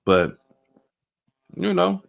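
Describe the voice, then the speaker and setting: A man's voice: high voice, very animated, drawn-out words, gravelly. A man on a discussion panel, talking casually and hesitantly, repeating himself. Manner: hesitant, repeats himself, short agreeing interjections. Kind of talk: casual debate.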